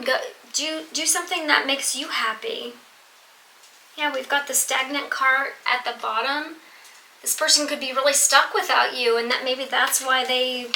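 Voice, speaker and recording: A woman reads tarot cards for her audience in a high, very bright voice. She is earnest and emphatic and often repeats a phrase to drive it home. The room is echoey, with a faint hiss underneath. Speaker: tarot reader. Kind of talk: tarot reading to viewers.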